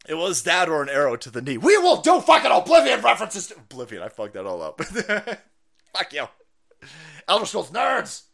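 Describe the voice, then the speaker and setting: A man hosting a livestream, giving loud, crude, cackling commentary on video clips. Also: fairly high pitch, creaky. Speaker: livestream host.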